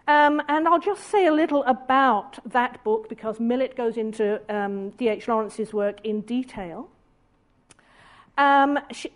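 Woman lecturing in a measured, dry voice. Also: on the high side. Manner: measured and deliberate, with hesitant "um"s and dry asides. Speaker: feminist speaker giving a lecture. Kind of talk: public lecture with read-out quotations.

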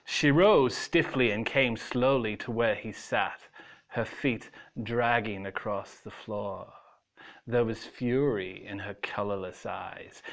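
A man reading a ghost story aloud in a slow, suspenseful way. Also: lowish voice, a bit bright.

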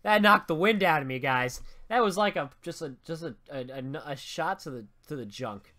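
A young man streaming a racing game live, muttering his moves and then yelling and swearing when he gets hit. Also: on the high side, expressive, moderate pace, soft background music. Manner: swings from muttering to shouting outbursts, swears a lot. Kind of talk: live gameplay commentary.

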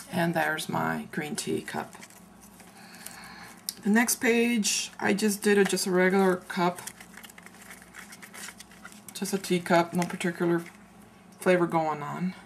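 A woman casually showing her handmade craft album, chatty and meandering, often pausing mid-sentence to search for words. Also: deep voice, vocal fry, a little hiss or hum. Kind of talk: casual show-and-tell craft video.

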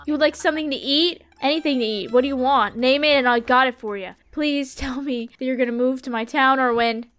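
Excitable bright-voiced woman gamer. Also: high-pitched, brisk. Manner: excitable, pleading and cursing at the game. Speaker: gaming YouTuber. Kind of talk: casual gameplay commentary.

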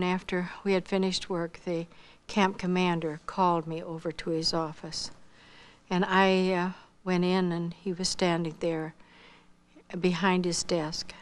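A woman giving a spoken missionary testimony, telling her story earnestly and quoting the dialogue. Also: fairly low pitch.

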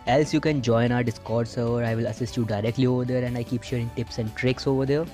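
A man hosting a gaming channel, calmly walking viewers through phone setup steps one by one in a tutorial voice-over. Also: medium pitch, quick pace, soft background music. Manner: plain instructive, walks through steps one by one.

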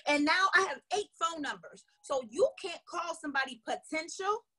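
High, bright-voiced energetic woman coach. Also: moderate pace. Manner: energetic, emphatic, acts out little dialogues. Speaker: sales coach. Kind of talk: motivational sales training talk.

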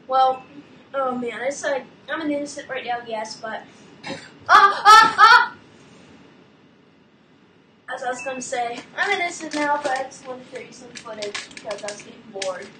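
A woman YouTuber giving gameplay commentary, excitable, with dramatic exclamations and groans. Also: high voice, a little hiss or hum. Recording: roomy, distant mic.

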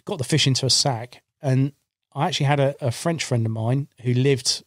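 A man recounts a fishing trip in a podcast studio, talking casually and acting out what he said at the time. His voice sits at an ordinary middle pitch. The sound is dry and close, with no room echo. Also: moderate pace. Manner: animated anecdote-telling, acts out his own past lines. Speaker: podcast guest, carp angler. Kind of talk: casual storytelling. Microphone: studio microphone.

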